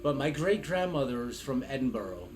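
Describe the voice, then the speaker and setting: A man's voice: medium pitch, big pitch swings, normal speed, poor audio. A man from Arizona chatting casually on a stream beside the host, rambling off on long tangents. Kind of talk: casual live-stream chat. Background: game music.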